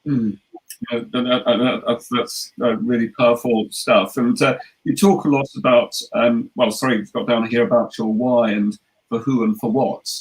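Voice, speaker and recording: A man's voice: mid-range voice, steady tone, normal speed, poor audio. A man interviewing a guest, asking questions politely and hesitantly, with many fillers and apologies.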